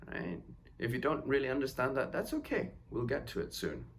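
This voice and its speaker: A man's voice: mid-range voice, huge pitch swings, a little fast, a little hiss or hum. A man teaching a violin lesson, counting beats aloud and explaining patiently with encouraging words. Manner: reassuring, encouraging. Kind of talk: step-by-step instrument lesson. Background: violin playing.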